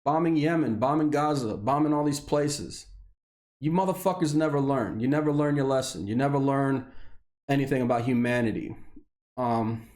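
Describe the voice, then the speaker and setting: A man in his thirties from Indiana, a military veteran, delivering an unscripted, profane personal rant that swings between heated anger and low, weary tones. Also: moderate pace, a little mellow. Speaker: video blogger, military veteran.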